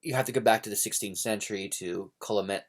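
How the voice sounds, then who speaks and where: A man's voice: fairly low pitch, quick pace, slight background noise. A man from the United States talking in a casual, rambling monologue, hesitant with many fillers, restarts and opinionated tangents. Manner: digressive, opinionated. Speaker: book vlogger.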